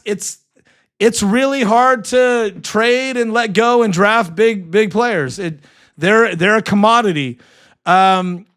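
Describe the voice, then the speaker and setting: A man's voice: high-pitched, fairly bright tone, clear, resonant tone. A man hosting a live sports stream, chatting casually and reading viewer comments, passionate and full of fillers.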